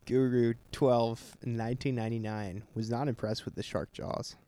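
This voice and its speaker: A man's voice: mid-range voice, steady tone, normal speed, warm tone. A man co-hosting a podcast in a casual, wisecracking way. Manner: dry, wisecracking. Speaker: podcast co-host. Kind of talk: casual comedic chat.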